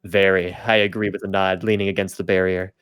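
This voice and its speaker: A man's voice: sits low, flat delivery, brisk, a bit bright, clear, resonant tone, no room sound. Dry-voiced young man reading fanfic. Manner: stumbling, self-correcting reading with laughing asides. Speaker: podcast host and reader. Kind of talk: comedic fanfiction reading aloud.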